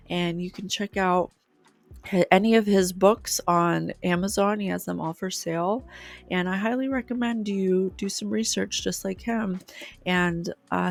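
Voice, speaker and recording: A woman's voice: lowish voice, vocal fry, no echo. A woman hosting a spiritual podcast, talking earnestly and with feeling. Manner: earnest, emotional, reads affirmations aloud. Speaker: podcast host.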